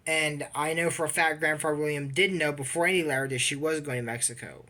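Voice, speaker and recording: A bright, forward voice rambles through an anime episode recap in a casual vlog. The speaker leans on fillers and stops often to give blunt opinions about the characters. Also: medium pitch, fairly even intonation, fast.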